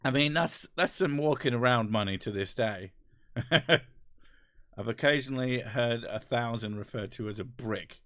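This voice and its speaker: A man's voice: medium pitch, normal speed, fairly bright tone, dry recording, studio quality. A man with an English accent, hosting a casual chat, rambling and wry with casual swearing. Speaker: host. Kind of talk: casual chat reading comments.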